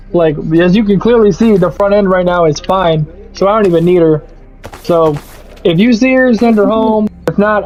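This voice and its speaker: A young man streaming a game, telling a profane, animated story about a bad work shift. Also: high voice. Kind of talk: casual rant over gameplay. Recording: slightly muffled, faint music.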